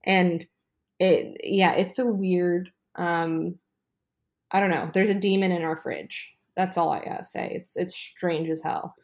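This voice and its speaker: Excitable swearing woman podcast host. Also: fairly low pitch, measured pace. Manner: swears freely, excitable and rambling. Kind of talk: casual chat. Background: ice maker noise from a fridge.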